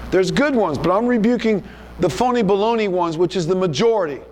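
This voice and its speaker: A man's voice: high-pitched, brisk, darkish tone. A male pastor preaching a sermon in an emphatic, rebuking manner, often repeating himself.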